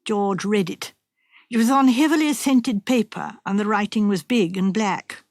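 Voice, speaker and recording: Reading scripted narration for a mystery audiobook, a medium-pitched woman tells the story in a steady, even way. The recording is studio quality with no room sound.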